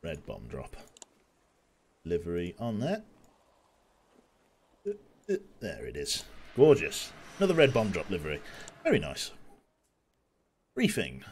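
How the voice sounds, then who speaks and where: Brief: young male gameplay streamer, low-pitched and animated, casual joking chat. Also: slow pace, long pauses, a little hiss or hum. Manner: chatty, joking, talks to chat while playing. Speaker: video game streamer.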